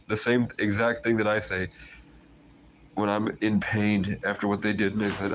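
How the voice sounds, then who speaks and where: A man with a low voice rambles to his viewers on a phone livestream, drifting from one conspiratorial aside to the next. A faint hiss sits under his talk. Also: flat delivery, moderate pace, a bit bright.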